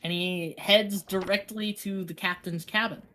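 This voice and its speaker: A woman narrating as game master of a tabletop game, chatty and a little halting. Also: medium pitch, steady tone, a bit bright, slight background noise.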